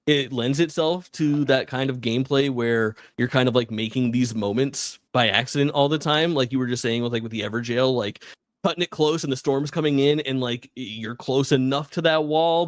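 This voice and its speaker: Young man, podcast co-host, mid pitch, dry close sound, rambling, casual. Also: no echo. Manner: relaxed, rambling, lots of "like" and "dude".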